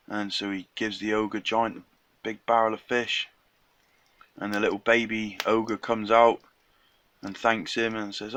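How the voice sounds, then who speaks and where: A man's voice: on the low side, flat delivery, measured pace, a bit bright, slight background noise. A young man casually retelling a folk tale in a chatty, slangy way, acting out the characters' lines. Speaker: storyteller.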